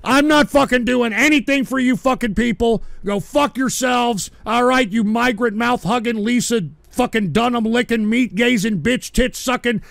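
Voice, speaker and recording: An older man hosting a live show, ranting profanely at his chat and often shouting. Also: very high-pitched, moderate pace, few pauses, dry recording, clean studio sound. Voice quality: gravelly. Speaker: radio show host reading chat. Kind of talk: ranting live stream talk.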